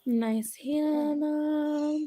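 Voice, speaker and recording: A woman's voice: high-pitched, steady tone, very slow, mellow. A woman co-hosting a casual livestream on a video call, greeting viewers by name and reacting to their comments. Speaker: livestream co-host reading viewer chat.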